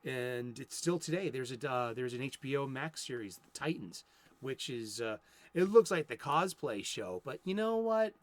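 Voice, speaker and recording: A man's voice: mid-range voice, animated, normal speed, no room sound. A man in his fifties from Boston with a Boston accent, talking about comics in a casual, rambling solo monologue full of restarts. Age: 50s. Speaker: comics vlogger.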